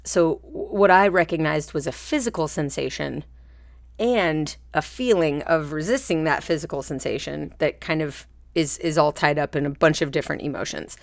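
A woman with a low, dry, close-miked voice talks through a self-compassion practice on her solo podcast. She is gentle and unhurried, dropping soft laughs and playful pictures into the reflection. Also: gravelly, dry recording. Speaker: podcast host.

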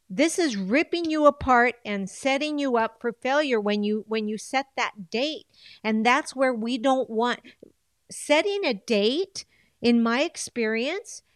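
A woman coaches her audience on goal setting, switching between English and Spanish, coaxing them along and repeating phrases. Her fairly high voice has a clean tone, recorded with studio quality and no room sound.

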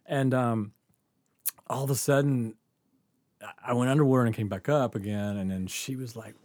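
A man's voice: mid-range voice, moderate pace, a little mellow, no room sound, clean studio sound. Rambling, laughing man telling a story. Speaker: podcast guest. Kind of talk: casual storytelling.

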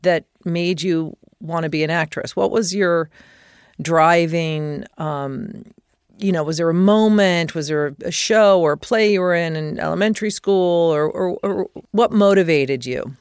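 Smooth-voiced woman interview host. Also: lowish voice, no echo, studio quality. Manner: warm questions, quick affirming murmurs.

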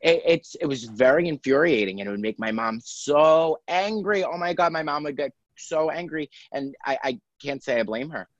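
A man talking as a guest in a casual interview chat, telling stories in a chatty, animated way. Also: fairly high pitch, moderate pace, hardly any pauses, dry recording. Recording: dry, dull lo-fi sound.

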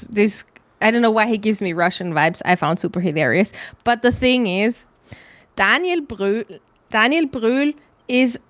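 A woman's voice: a little high, fairly bright tone, no echo. Rambling young woman, dry sound. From Germany. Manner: rambling, restarts, swears casually. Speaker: podcast co-host. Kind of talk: casual chat.

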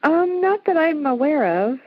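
A woman in her forties from Iowa, calling in to a radio show and giving short, soft-spoken answers. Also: very high-pitched, moderate pace, no room sound, highs cut off. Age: 40s. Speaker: caller. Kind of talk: phone-in conversation.

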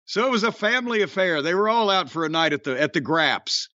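Male podcast host, high voice, dry close sound, swears freely while he tells a story, slightly dull audio. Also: animated, a little fast, pushed and bright, no room sound. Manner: profane, laughing storyteller. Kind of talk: casual podcast chat.

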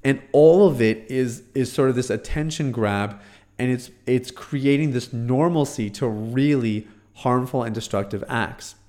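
A man's voice: medium pitch, a little slow, darkish tone. Earnest man commenting, frequent fillers. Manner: earnest, hesitant with fillers and restarts. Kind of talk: casual commentary.

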